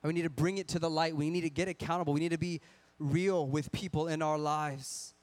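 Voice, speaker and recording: A man's voice: a little high, fairly even intonation, fairly quick. A man preaching a sermon in an earnest, conversational way, asking rhetorical questions and acting out people's excuses. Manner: acts out excuses in a whiny voice.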